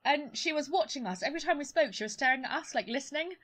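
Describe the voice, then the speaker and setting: A woman co-hosts a podcast in a loose, casual chat. Her voice sits high and she talks quickly. She laughs often and loudly. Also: lively intonation. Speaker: podcast co-host.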